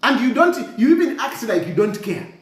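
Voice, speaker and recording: A man's voice: very high voice, very animated, normal speed, echoey room. A man with a Zambian accent delivering an impassioned, mocking rant, repeating himself, switching between languages and laughing scornfully. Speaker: commentator. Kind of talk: impassioned social media rant.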